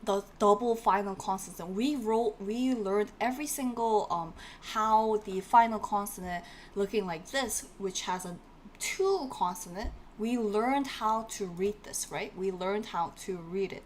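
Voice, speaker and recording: A woman's voice: medium pitch, a little slow. A woman runs a live-streamed language class, drilling each word again and again. She talks animatedly and chats with her viewers. A faint hiss sits under her voice. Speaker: Korean language teacher.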